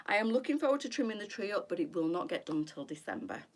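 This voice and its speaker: A woman's voice: medium pitch, very animated, quick pace. A middle-aged woman, chatting casually to viewers on her boutique live stream and calling them girls.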